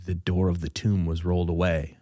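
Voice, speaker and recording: A man's voice: low-pitched, little pitch movement, brisk, dark tone, no room sound, clean studio sound. A man from the Midwest hosting a comedy podcast in casual chat, joking and riffing playfully. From American Midwest. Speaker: podcast host.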